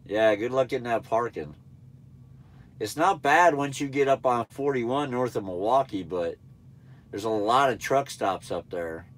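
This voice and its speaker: A truck driver trainer livestreams, chatting casually with viewers in a nasal, stuffed-up voice from a stuffy nose. His medium-pitched voice is unhurried as he answers them in a laid-back, blunt, rambling way.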